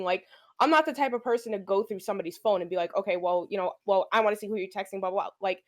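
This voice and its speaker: Animated New woman telling a story. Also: medium pitch, quick pace. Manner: animated, profane, acts out quoted dialogue. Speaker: podcast co-host. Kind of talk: casual storytelling chat.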